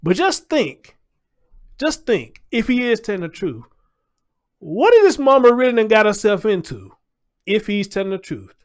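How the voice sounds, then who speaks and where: A man's voice: high-pitched, very animated, moderate pace. A man hosting a livestream, talking loosely in casual commentary, repeating his points and greeting viewers in the chat.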